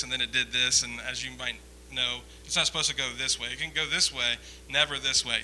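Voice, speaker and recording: A man's voice: medium pitch, sharp tone, a little hiss or hum, rough recording. A man giving a conversational sermon as a pastor, rambling through self-deprecating stories with humor.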